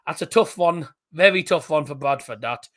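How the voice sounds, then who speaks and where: A man hosts a live stream, reading out cup ties one after another and answering the chat between them. His voice sits a little high and sounds bright and forceful, with a casual, conversational delivery. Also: normal speed. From England. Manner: chatty, reads out fixtures and answers live chat. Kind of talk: live draw commentary.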